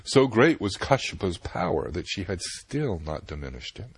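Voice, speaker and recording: A man tells an old myth in a calm, measured storytelling voice. His tone sits low and slightly husky. The recording is dry and close, with no room sound. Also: no room sound. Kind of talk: scripted narration of a myth.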